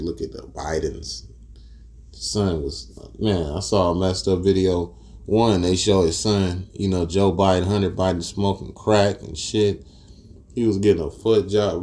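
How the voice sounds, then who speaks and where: Deep-voiced preacher, casual and profane. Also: male voice. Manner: casual and profane, tells stories between verses; gets loud and high-pitched when outraged. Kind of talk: street-style scripture teaching.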